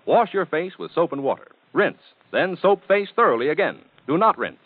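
Punchy 1940s radio ad announcer. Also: male voice, fairly high pitch, very animated, moderate pace, no room sound. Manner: emphatic, punchy sales read. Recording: dry tinny 1940s radio.

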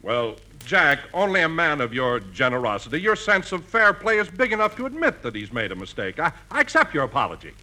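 A man's voice: a little high, big pitch swings, brisk, hardly any pauses, bright, forceful tone, rough recording. A man playing the announcer in a 1940s radio comedy, pouty and gushing.

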